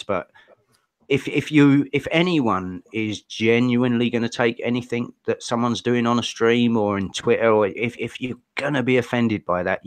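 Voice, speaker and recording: A man speaking as a guest on a casual livestream, easygoing and soft-spoken, patiently explaining things. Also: medium pitch, no room sound.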